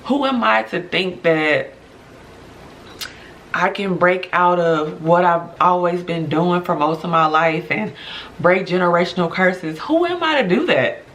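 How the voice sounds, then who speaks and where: Bright-voiced earnest woman podcaster. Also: on the low side, fairly even intonation, measured pace, a little hiss or hum. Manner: chatty, earnest, addresses listeners as y'all, laughs through tears. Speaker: podcast host. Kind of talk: casual heartfelt podcast monologue.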